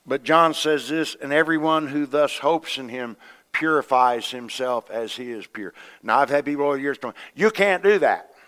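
Folksy animated male preacher. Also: medium pitch, normal speed, smooth. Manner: animated, swings from hushed to loud exclamations. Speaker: pastor. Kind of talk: sermon.

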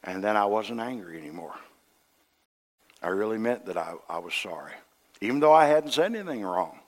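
A middle-aged man, an associate minister, preaching a sermon with folksy humor, acting out dialogue and swinging from hushed tones to loud outbursts. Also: lowish voice, expressive, a little fast. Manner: acts out dialogue in quoted voices.

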